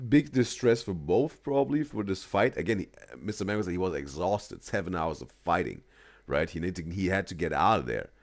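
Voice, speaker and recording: Low-voiced man giving advice. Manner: gives earnest advice, keeps adding "right?" and "bro". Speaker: reaction stream host. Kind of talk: live reaction commentary.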